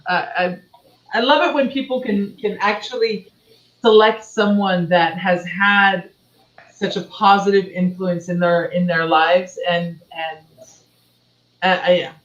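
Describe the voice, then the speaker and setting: A woman co-host who talks warmly with many stammered restarts. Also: mid-range voice, measured pace. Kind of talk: casual interview chat. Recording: echoey and lo-fi.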